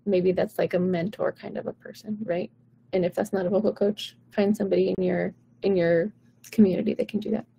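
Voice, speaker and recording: A woman's voice: medium pitch, steady tone, fairly quick, vocal fry, dark tone, a little hiss or hum. A woman vocal coach giving casual, encouraging advice to viewers on a live stream, chatty and full of "like" and "right?".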